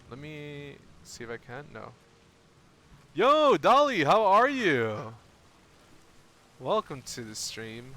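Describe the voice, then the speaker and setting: A man's voice: medium pitch, fairly bright tone, a little hiss or hum. A man streaming a game, chatting casually with his viewers, rambling and joking. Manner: rambling, joking, giggly, talks to chat. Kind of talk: casual live-stream chat while playing a game.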